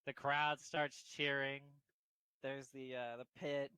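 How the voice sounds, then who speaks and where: Bright-voiced man running a tabletop game. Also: mid-range voice, level tone, takes it slowly, smooth, no echo. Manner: casual, laughing, swears freely. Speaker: game master.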